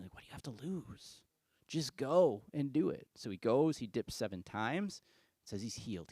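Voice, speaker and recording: A male pastor giving a sermon, reading scripture and retelling it in a casual, conversational way with lively asides. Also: medium pitch, no room sound.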